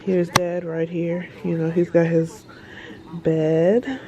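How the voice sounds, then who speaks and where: A woman's voice: on the low side, little pitch movement, slow pace, darkish tone. A woman chatting casually through a vlog update, with lots of fillers. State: out of breath. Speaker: vlogger. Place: car, then hospital room.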